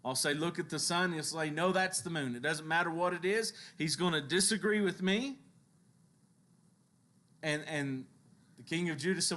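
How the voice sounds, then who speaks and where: A man preaching a sermon who tells Bible stories with lively, acted-out quotes and occasional chuckles. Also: normal speed, long pauses. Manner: animated storytelling, acting out biblical quotes with shifts in pitch and loudness.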